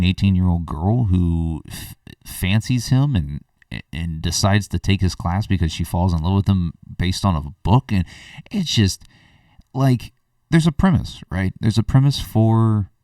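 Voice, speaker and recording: A man's voice: deep voice, a little mellow, no room sound, clean studio sound, distant mic. A man hosting a podcast, giving a blunt, rambling movie review with lots of fillers and restarts. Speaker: film reviewer, podcast host. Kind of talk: casual spoken movie review.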